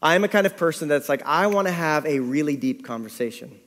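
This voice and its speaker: A man's voice: on the high side, expressive, fairly quick, a bit bright. A middle-aged man preaching a sermon, telling a story with animation and acting out his own thoughts. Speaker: pastor. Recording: long reverb of a hall.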